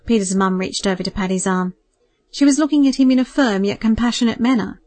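A woman narrating a novel in a calm, measured storytelling voice, read close to the mic. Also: on the high side. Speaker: audiobook narrator. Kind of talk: scripted narration.

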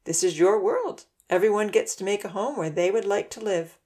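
A woman voicing a kind, calm adult man who leads a group of children, speaking slowly and reassuringly. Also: mid-range voice, lightly acted. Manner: slow, reassuring and firm.

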